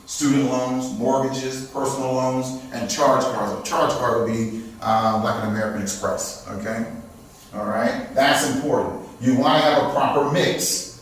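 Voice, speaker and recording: A man with a mid-range voice teaches a live credit repair seminar, recorded from far off in a very echoey room with a little hiss or hum. After nearly every point he checks in with the audience, often asking "okay?" and "all right?".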